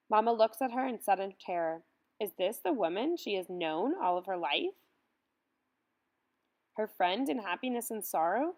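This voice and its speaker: A woman reading a first-person story aloud in a measured, earnest way. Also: medium pitch, darkish tone. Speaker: audiobook reader.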